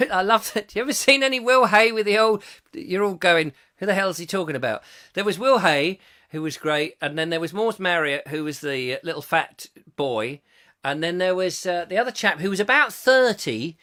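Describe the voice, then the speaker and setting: A man's voice: high-pitched, lively intonation, normal speed, bright, forceful tone. Rambling, jokey English man. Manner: rambling, jokey, reads viewer comments aloud. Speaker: host. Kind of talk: casual live-stream chat.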